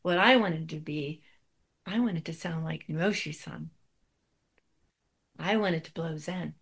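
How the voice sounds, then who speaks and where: Woman, middle-aged, slightly low voice, spiritual talk, wry self-deprecating storytelling. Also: unhurried, creaky, slightly rough.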